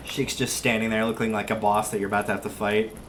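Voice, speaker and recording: A man's voice: on the low side, flat delivery, fast talker, fairly bright tone, slight background noise. A man giving casual gameplay commentary on a livestream, chatty and wry, joking as he plays.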